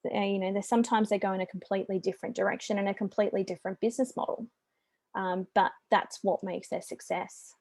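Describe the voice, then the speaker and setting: Brief: Australian woman, middle-aged business coach, warm mellow voice, chatty and upbeat, dry close sound. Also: medium pitch, steady tone, quick pace, no echo. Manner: chatty and upbeat, with friendly asides. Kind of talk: business presentation.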